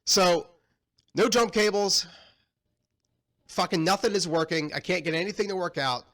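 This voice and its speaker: A young adult man on a podcast, telling a frustrated story in a casual, animated and profane way. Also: fairly high pitch, brisk. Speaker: podcast co-host.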